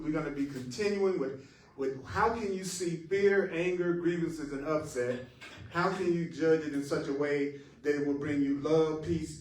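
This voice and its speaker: A man's voice: on the high side, slight background noise. Echoey, distant man teaching spirituality. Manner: reflective, plays with emphasis, bursts into song. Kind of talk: spiritual talk with singing. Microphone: live-stream mic at a distance. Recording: echoey room, distant mic, faint music.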